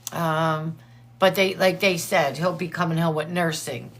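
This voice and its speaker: A woman's voice: low voice, steady tone, unhurried. A woman hosting a casual livestream, chatting and greeting viewers by name while sharing updates, her eyes teary from allergies. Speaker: livestream host.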